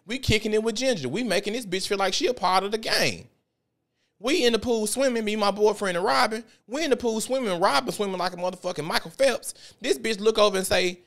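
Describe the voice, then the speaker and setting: A young man from South Memphis with a Memphis Southern accent, hosting a podcast and telling stories in a loose, profane, animated way. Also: high voice, brisk, creaky. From South Memphis, Tennessee. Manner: profane, animated storytelling with frequent laughs. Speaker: podcast host. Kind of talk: casual podcast monologue.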